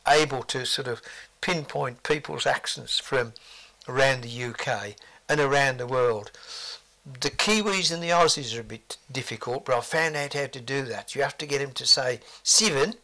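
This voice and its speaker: A man's voice: medium pitch, pushed and bright. An older man, reminiscing forthrightly in an interview with blunt asides.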